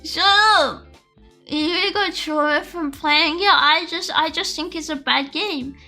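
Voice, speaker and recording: A young woman with a high, bright, sharp voice talks to her stream audience at a measured pace, rambling until she spirals into theatrical, exaggerated complaints. Quiet lofi music plays faintly in the background of this casual livestream chat.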